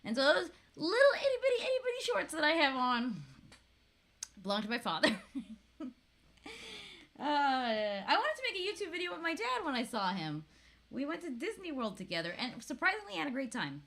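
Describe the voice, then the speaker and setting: A woman's voice: high-pitched, very animated, fairly quick, a bit bright. A woman in her thirties from Florida, chatting casually to camera as a vlogger, laughing often and swearing freely.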